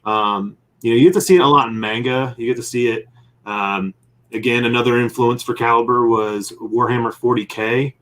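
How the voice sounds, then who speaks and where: In a steady, medium-pitched voice that's a bit bright, a man speaks at normal speed while drawing, spinning a long story in a casual interview. The guest, a comic publisher and his group's game master, wanders off on tangents and performs lines of dialogue.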